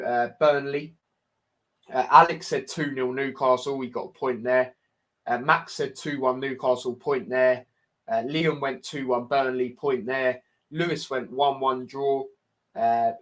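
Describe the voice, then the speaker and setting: A man's voice: medium pitch, a bit bright. A young man, hosting a casual football predictions chat, talking loosely with many fillers and asides. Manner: chatty, filler-heavy, says "do you know what I mean" often. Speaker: football podcast host.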